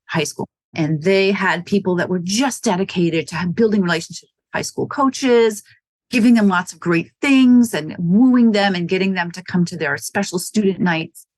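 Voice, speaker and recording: Speaking at medium pitch with no echo, this Wisconsin woman runs a running shoe store and is a guest in a relaxed interview. She chats through stories, performing the quotes and laughing frequently.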